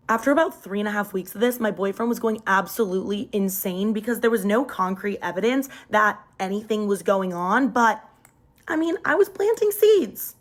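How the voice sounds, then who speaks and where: A young woman telling a personal story in a casual storytime, lively and jumping up in pitch when she quotes people, on a phone mic. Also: moderate pace.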